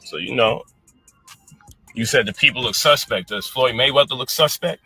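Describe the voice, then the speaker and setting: A man's voice: mid-range voice, normal speed, over loud music. A man in a heated, profane live-stream rant, angry and exasperated. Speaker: online personality defending his program.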